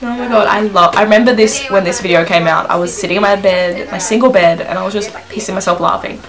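A woman's voice: medium pitch, fast, a crowd in the background. A young woman giving casual, gushing reaction commentary as a vlogger, laughing often. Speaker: beauty and pop culture vlogger.

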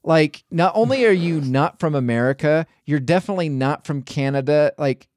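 A man talks casually on a podcast, circling around his points with false starts and hedges. His voice sits a little higher than most men's. The recording is dry, with no room sound. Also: expressive, moderate pace, darkish tone, dry recording. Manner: rambling, full of restarts and hedges. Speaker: podcast host.

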